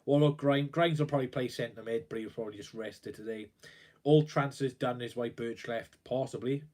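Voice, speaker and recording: A young man on a casual live stream, sounding worried as he rambles along, restarting sentences and filling gaps with ums. His pitch sits at a middling level for a man. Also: a little fast, a little mellow. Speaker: football fan livestreamer.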